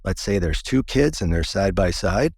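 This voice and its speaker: Male interview guest, low gravelly husky voice, earnest storyteller who restarts sentences, dry close sound. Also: expressive, normal speed, a little mellow, dry recording.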